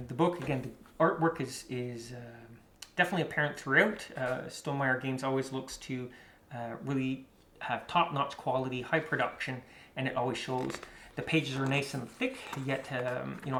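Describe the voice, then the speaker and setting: A man's voice: medium pitch, fairly bright tone. Man chatting through a board game unboxing. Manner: chatty, many fillers, rambling asides. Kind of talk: casual unboxing commentary. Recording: echoey room with faint noise.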